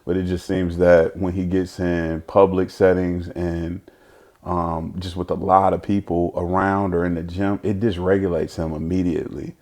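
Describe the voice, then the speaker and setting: A man's voice: sits low, flat delivery, moderate pace, a little mellow. A man speaking as a guest in an interview, talking earnestly and reflectively with many fillers and restarts. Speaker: guest, father of an autistic son. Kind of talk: candid conversational interview.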